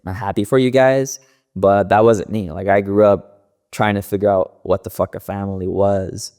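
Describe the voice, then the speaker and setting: Young LA guy on a podcast, kinda low voice, swears a lot, rambles with likes and ums. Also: fairly even intonation, moderate pace, a little mellow. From Los Angeles area. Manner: loose, profane, storytelling with lots of fillers. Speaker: podcast guest, DJ and producer. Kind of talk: casual interview talk.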